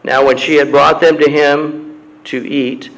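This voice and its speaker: A man preaching a sermon and reading scripture aloud in a slow, measured way, with long pauses and frequent throat-clearing. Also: on the high side, level tone, fairly bright tone, rough recording. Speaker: pastor. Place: church.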